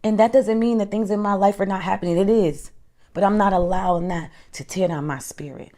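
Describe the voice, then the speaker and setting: This motivational talk comes from a woman life coach with a mid-range voice and a brisk pace. Animated throughout, she calls people honey and child and occasionally whispers for emphasis.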